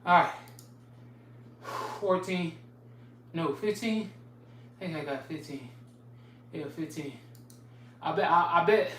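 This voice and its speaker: A woman livestreams her workout, counting each push-up aloud and trading slangy trash talk while winded and sighing between sets. She speaks slowly at a fairly low pitch, leaving long pauses, and sounds distant in an echoey room.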